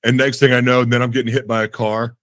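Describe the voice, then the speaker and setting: A man's voice: medium pitch, flat delivery, brisk, sharp tone. A man hosting a podcast interview, chatting casually, laughing often and acting out his own reactions in a self-deprecating way. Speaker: podcast host.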